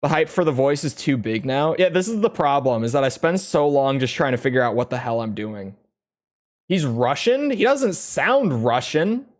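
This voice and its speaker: A man's voice: medium pitch, expressive, normal speed. Rambling guy with a strained throat. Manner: rambling, self-mocking, laughs often. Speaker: gaming streamer. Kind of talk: casual commentary while playing.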